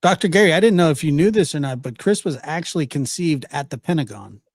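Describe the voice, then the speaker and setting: A man's voice: fairly high pitch, animated, quick pace. A man on a livestream panel over a video call, telling anecdotes and trading teasing banter. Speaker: panel guest.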